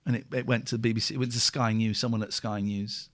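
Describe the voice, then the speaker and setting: A middle-aged man, hosting a casual chat and talking in an animated, exclamatory way with plenty of swearing. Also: lowish voice, quick pace. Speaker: host.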